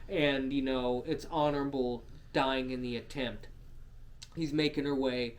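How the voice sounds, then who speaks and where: A man co-hosting a podcast, telling stories in casual chat, full of swearing and quick asides. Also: medium pitch, a loud crowd. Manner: animated, profane storytelling with frequent laughs. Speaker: podcast co-host.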